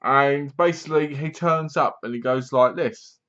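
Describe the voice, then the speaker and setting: A man's voice: a little high, normal speed, a bit bright, lo-fi sound. A man retelling a film's plot in a casual review vlog, rambling along with plenty of fillers. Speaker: film reviewer.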